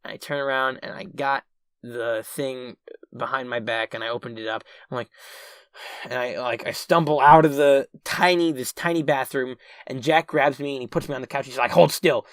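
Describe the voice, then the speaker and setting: A man's voice: medium pitch, normal speed, smooth, no room sound, clean studio sound. A man telling a personal story to camera in a casual way, rambling with restarts and "right?" asides, and acting out his own panic. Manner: animated, acts out his own panicked past self. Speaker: channel's featured storyteller.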